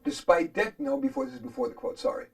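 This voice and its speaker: Emphatic man debating, high voice. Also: lively intonation, fast, gravelly, poor audio. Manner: emphatic, pointed rebuttal. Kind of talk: formal debate argument.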